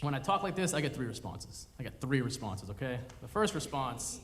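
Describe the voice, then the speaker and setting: A man's voice: medium pitch, big pitch swings, a little fast, few pauses. A young man performing a confessional, rambling, self-deprecating comedy monologue live on stage. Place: performance venue in front of an audience. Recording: live hall reverb with room noise.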